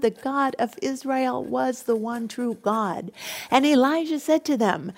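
A woman preaching a sermon, telling a scripture story with dramatic flair. She drops to a hush in one passage and rises to an emphatic, loud voice in the next. Her voice sits a little high. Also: measured pace.

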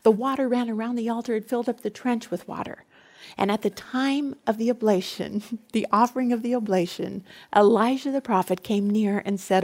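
Woman preacher, slightly high voice, dramatic expressive scripture storytelling, sermon style. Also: a little fast.

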